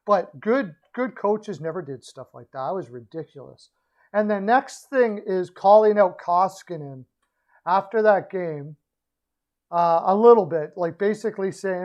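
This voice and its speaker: A man hosting a casual hockey livestream, rambling and opinionated, often restarting his sentences. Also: high voice. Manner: rambling, opinionated, self-correcting. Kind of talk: casual sports betting and hockey rant.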